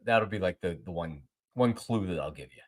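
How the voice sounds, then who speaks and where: A man in his forties, a podcast host, telling a story in a casual monologue, animated and repeating himself as he acts out both sides of a conversation. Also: low-pitched, normal speed.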